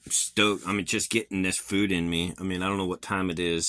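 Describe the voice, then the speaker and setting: A man's voice: deep voice, little pitch movement, fairly quick, a bit bright, smooth, no echo. A man vlogging casually, rambling with many fillers and restarts, his speech a little slurred from a facial injury so that he sounds like he has false teeth.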